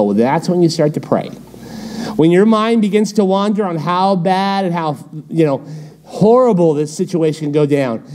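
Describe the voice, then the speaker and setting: A middle-aged man teaching a midweek Bible study as pastor, in a conversational, storytelling way. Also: fairly high pitch. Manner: conversational, animated storytelling with laughs.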